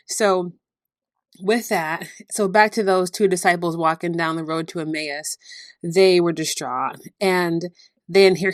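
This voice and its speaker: A woman hosting a devotional podcast, retelling Bible stories in a lively storytelling way with frequent laughter. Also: fairly low pitch, no room sound, clean studio sound. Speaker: podcast host.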